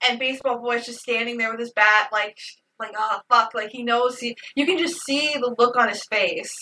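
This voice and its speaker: A woman co-hosting a casual podcast, recapping a movie in an animated, emotional way and swearing freely. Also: a little high, moderate pace, distant mic, low-quality recording. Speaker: podcast co-host.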